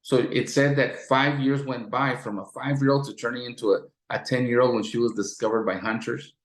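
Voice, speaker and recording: A man's voice: mid-range voice, fairly even intonation, a little fast. A man giving a motivational talk, retelling a story and asking the listener rhetorical questions, with frequent restarts. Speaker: motivational speaker. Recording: echoey room.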